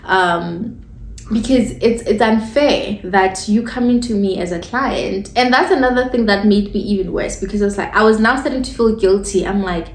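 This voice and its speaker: A woman's voice: mid-range voice, moderate pace, a little hiss or hum. A woman who works as an esthetician, sharing a personal faith testimony in a candid, conversational way with informal phrasing. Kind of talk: personal testimony, casual storytelling. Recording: echoey room.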